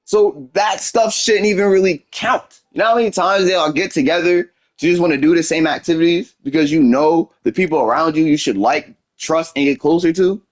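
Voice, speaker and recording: A young male streamer with a slightly high voice rambles fairly quickly, with few pauses, through a frustrated personal story. In this casual venting monologue, he acts out both sides of the arguments he's quoting.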